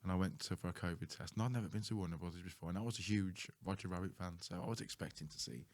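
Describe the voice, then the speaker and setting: A man's voice: deep voice, very fast, a little mellow. A man hosting a podcast, telling a story in a chatty way, laughing and swearing casually. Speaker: podcast host.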